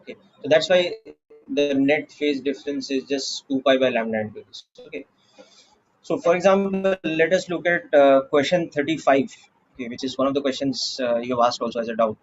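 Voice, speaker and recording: A man with an Indian English accent teaching a physics class, explaining slowly and checking in with "okay" often. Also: medium pitch, highs cut off, soft background music. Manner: slow, deliberate explaining with frequent "okay" checks. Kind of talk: classroom lecture.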